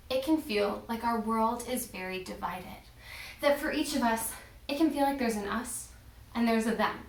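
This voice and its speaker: Woman children's minister, expressive storyteller, high voice, echoey room. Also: slight background noise. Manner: animated and expressive, addressing children. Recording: echoey room, far from the mic.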